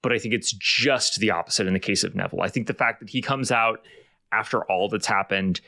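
Bright-voiced man podcast host, dry sound. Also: fairly low pitch, a little fast, creaky, no room sound. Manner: thoughtful, analytical, laid-back swearing. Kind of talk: casual chat.

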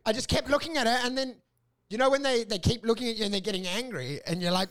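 A man with a notably high-pitched voice rambles through crude, animated stories. He talks in a loose, casual podcast manner. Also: quick pace, a little hiss or hum. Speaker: podcast co-host. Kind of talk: casual comedic chat.

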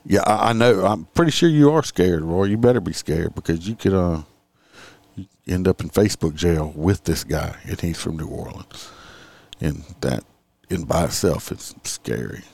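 A man's voice: low-pitched, expressive, normal speed, vocal fry, a little mellow, no room sound. A man hosting a casual livestream, reading out crime stories and chatting with his viewers in a sarcastic, profane, rambling way.

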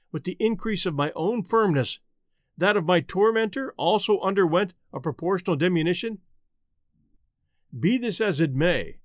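A man reads a gothic tale aloud in a high, highly expressive voice that rises and falls freely. He keeps a measured pace and slows down to weigh key phrases. The sound is dry and close. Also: no room sound. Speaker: narrator. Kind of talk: dramatic reading of a gothic tale.

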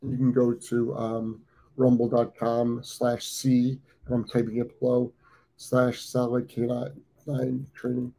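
Slow and monotone, this fifties-aged American man speaks in a dark, mid-range voice. He's hosting a live dog training show with hiccups, talking casually, rambling, repeating himself and saying um a lot.

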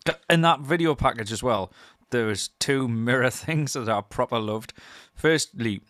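A man co-hosting a podcast in a relaxed, amused chat. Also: mid-range voice, moderate pace, no room sound, studio quality. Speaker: podcast co-host. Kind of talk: casual chat.

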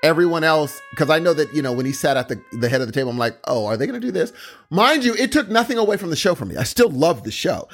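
A man in casual chat about a TV series, excitable, exclaiming often and restarting his sentences. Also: on the high side, quick pace, faint music behind. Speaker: co-host discussing a TV series.

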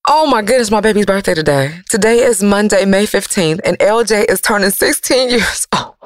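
A woman radio host, giving an emotional, preachy motivational monologue that swings from loud to soft. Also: medium pitch, lively intonation, normal speed, no room sound.

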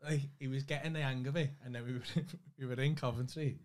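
A man's voice: mid-range voice, fairly even intonation, brisk, a little mellow. A man co-hosting a comedy podcast, swearing freely and acting out quotes in casual banter. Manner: swears freely, laughs often, acts out quotes.

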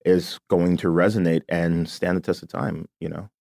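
A deep-voiced man chats loosely as an interview guest about his work in puppetry. He stumbles through fillers and restarts and breaks into laughs often. The sound is dry and close, with no room around it. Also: level tone, moderate pace, creaky, a little mellow, dry recording. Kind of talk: casual interview chat.

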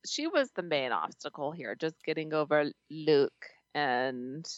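A woman co-hosting a podcast in casual chat, blunt and quick to swear, laughing often. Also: sits low, no echo, dull audio. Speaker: podcast co-host.

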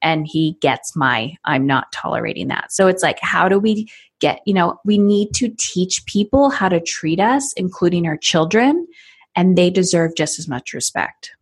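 Woman in her thirties, parenting coach, animated, acts out scenes, conversational. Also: fairly low pitch, normal speed, husky. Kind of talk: podcast conversation.

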